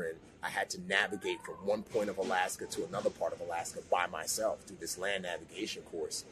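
A man's voice: deep voice, a little hiss or hum. A man in his thirties, a podcast guest, earnestly telling a personal story of faith. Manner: earnest storytelling, rises sharply when emotional. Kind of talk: personal testimony in a podcast interview.

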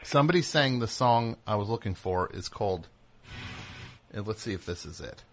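A man hosting a call-in radio show, talking in an animated, rambling way full of restarts. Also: on the low side, normal speed, noisy background.

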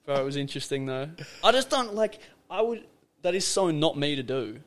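An Australian man in his young adult years tells a story as a podcast guest. He talks in an animated, slangy way, scattering fillers through his speech. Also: a little high, a little fast. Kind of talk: casual storytelling chat.

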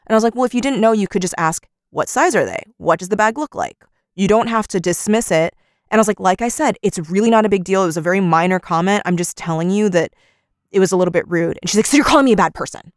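A woman's voice: mid-range voice, fast, dry recording, clean studio sound. A woman co-hosting a podcast, casually retelling an argument and acting out each quoted line. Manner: animated storyteller, acts out quoted lines. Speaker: podcast co-host.

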